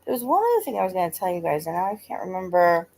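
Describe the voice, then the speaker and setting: A woman's voice: on the low side, very animated, racing, a little mellow. A woman hosting a live stream, chatting casually with her viewers, laughing often and swearing freely. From United States.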